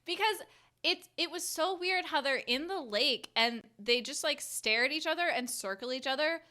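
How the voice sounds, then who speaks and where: A young woman co-hosting a casual chat about a movie, talking in a rambling way full of "like" and quick giggles. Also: high-pitched, sharp tone. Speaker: podcast co-host.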